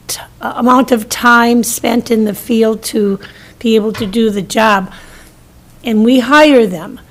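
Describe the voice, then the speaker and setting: A woman on a county board asks a question at a public meeting. Her voice sits a little high, and she speaks very slowly and hesitantly, often restarting her sentences. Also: low-quality recording. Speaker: county commissioner.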